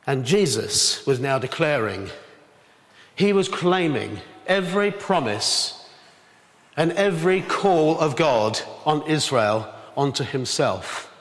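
Male preacher, emphatic sermon delivery, higher voice, roomy reverberant church. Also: sing-song, slow pace. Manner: earnest, emphatic, dramatizes scripture quotes. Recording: reverberant hall.

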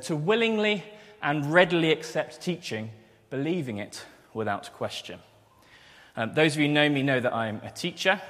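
A man's voice: medium pitch, a bit bright. A man giving a sermon, earnest, with fillers and restarts. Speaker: preacher. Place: church hall. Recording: reverberant hall.

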